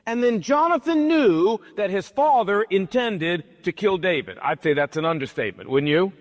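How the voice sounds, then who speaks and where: Male pastor, high-pitched, conversational retelling of scripture, reverberant hall. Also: lively intonation, moderate pace. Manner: paraphrases scripture in casual modern speech. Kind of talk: sermon.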